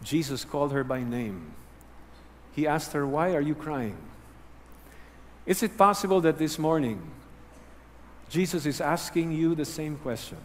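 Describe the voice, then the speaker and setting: A man preaching a sermon, earnest and teaching, dropping low and quiet to stress key words. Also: expressive, moderate pace, in a large hall, slight background noise. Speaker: pastor.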